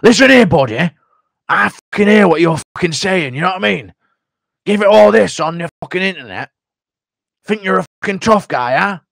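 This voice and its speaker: A man's voice: high voice, normal speed, creaky, few pauses, sharp tone, no echo, studio quality, voice pushed up, heavily acted. A man doing an impression of an aggressive male fight commentator who swears and threatens. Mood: threatening. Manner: menacing, swearing.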